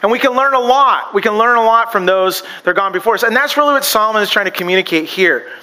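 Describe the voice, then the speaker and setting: A man delivers a sermon in a high voice, chatting with the congregation rather than orating. His tone is bright and forward, and he keeps tripping over his words and starting sentences over. He slips in small jokes and homespun stories as he goes. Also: expressive, fast talker, clear, resonant tone, poor audio. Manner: conversational, joking asides and self-deprecating stories; stumbles and restarts often. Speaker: pastor.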